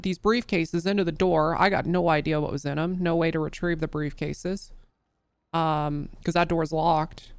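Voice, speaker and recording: Woman rp cop testifying in court, rambly with restarts, smooth clean voice, dry close mic. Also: fairly low pitch, dry recording. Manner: rambling and conversational, with many restarts and fillers. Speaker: undersheriff testifying as prosecutor. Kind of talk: in-character courtroom testimony in role-play.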